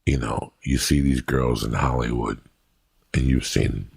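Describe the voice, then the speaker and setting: Gravelly low-voiced man, blunt and profane. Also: fairly even intonation, measured pace, dry recording. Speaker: podcast host. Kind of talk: casual chat.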